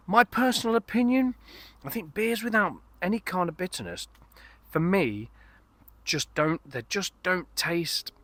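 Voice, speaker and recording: A man's voice: on the high side, bright, forceful tone. A middle-aged man, reviewing a beer outdoors in a casual, rambling, enthusiastic way, full of fillers and restarts. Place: outdoors in a garden.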